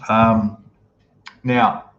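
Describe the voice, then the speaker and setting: Relaxed man, echoey lo-fi room. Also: fairly low pitch, extremely slow. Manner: relaxed, chatty, reads out viewer comments and greets them. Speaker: livestream host. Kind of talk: casual live-stream chat. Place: home room, in Thailand. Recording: echoey room, dull lo-fi sound, faint noise.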